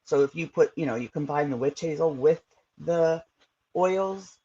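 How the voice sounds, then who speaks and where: A woman's voice: deep voice, normal speed, dark tone, slight background noise. A woman hosts a laid-back livestream and talks straight to her viewers. Her talk rambles and loops, full of fillers. The audio is dull and lo-fi. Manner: chatty and rambling, with many fillers. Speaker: livestream host. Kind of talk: casual livestream chat reacting to viewers.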